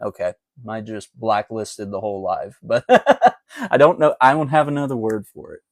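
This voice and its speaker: A man's voice: on the low side, animated, moderate pace, dry recording. A man doing a casual live chat about politics, talking in a loose, conversational way with frequent laughs. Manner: chatty and conversational, laughs often. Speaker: political commentator.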